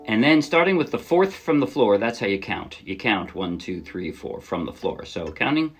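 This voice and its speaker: A man's voice: on the low side, very animated, moderate pace, faint music behind. Encouraging man teaching ukulele. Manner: encouraging, patient step-by-step explaining. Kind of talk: casual music tutorial. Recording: ukulele playing loudly under voice.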